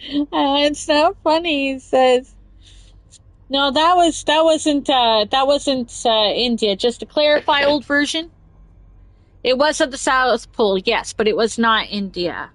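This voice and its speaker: A woman's voice: high-pitched, animated, a little slow, a bit bright, no room sound, low-quality recording. A woman hosting a casual chat show, reading news aloud and rambling off on tangents with giggles. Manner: rambling, giggly, talks over herself. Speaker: podcast host.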